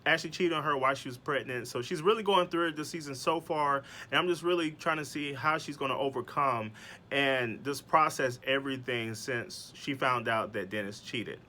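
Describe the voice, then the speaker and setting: A man's voice: mid-range voice, fairly quick, sharp tone, slight background noise. A man hosting his own show, recapping a reality TV episode in a casual, chatty way, with many fillers and rhetorical questions.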